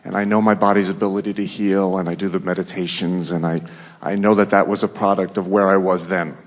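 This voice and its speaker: A man with a very low voice asks a personal question from the audience. He speaks haltingly, stopping to search for his words. His tone is plain and earnest. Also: level tone. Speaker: audience member asking a question. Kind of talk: question from the floor.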